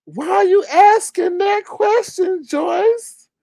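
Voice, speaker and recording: Brief: man doing a squeaky, indignant woman, babbling duck-like sputter, very high. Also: slow pace, gravelly, darkish tone, no echo, exaggerated voice. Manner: sputtering, babbling nonsense syllables. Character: shrill scolding woman sputtering like a cartoon duck.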